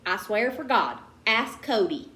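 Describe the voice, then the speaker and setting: A woman's voice: medium pitch, very animated, a little slow, bright, forceful tone. A woman reading aloud and voicing an eager, talkative country boy from Arkansas with a drawl. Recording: roomy echo.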